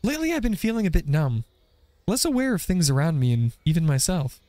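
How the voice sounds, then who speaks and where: A man's voice: on the high side, very animated, fairly quick, warm tone, dry recording, voice pushed down. Gloomy young man, subdued reflective delivery, read by a man. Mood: glum. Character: glum young man, quiet and unsure.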